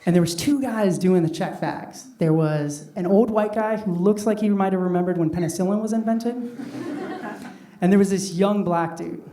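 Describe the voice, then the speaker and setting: A man's voice: high-pitched, moderate pace, dark tone. A middle-aged man performing a stand-up comedy set, talking loosely and conversationally with lots of "like" fillers. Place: comedy club stage. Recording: roomy club sound from a distant mic with audience. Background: audience laughter.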